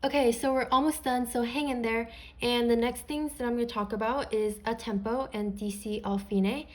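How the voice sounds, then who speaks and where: A woman with a slightly high voice teaching beginner music theory. She explains each idea patiently and plainly, step by step, as if guiding students one sign at a time. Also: steady tone, moderate pace.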